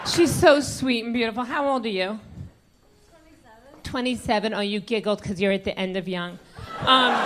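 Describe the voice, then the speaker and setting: A woman's voice: sits high, moderate pace. A woman doing a stand-up set in a comedy club, brassy and teasing people in the audience. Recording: live club audio with crowd noise.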